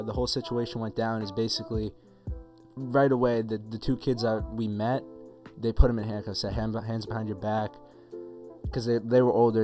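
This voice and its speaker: Fast-talking young man, low voice. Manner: rambling, profane, filler-heavy retelling. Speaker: vlogger telling a story. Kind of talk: casual story-time monologue.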